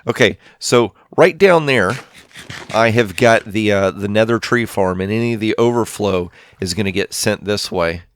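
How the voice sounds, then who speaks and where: A man's voice: fairly low pitch, normal speed, smooth, dry recording. A man giving casual, rambling commentary over his own game, thinking aloud as he plays. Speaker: Minecraft let's play host.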